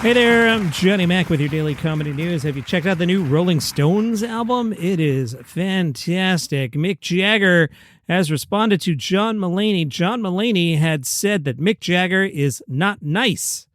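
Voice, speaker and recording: A man hosting a daily comedy news show, reading a script in a steady announcer-like way. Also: high-pitched, a little slow, dry recording. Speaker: news host.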